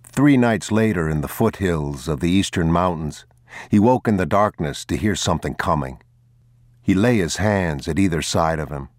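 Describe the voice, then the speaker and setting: Man narrating an audiobook, grave and measured, very deep voice, dry close sound. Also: animated, no echo.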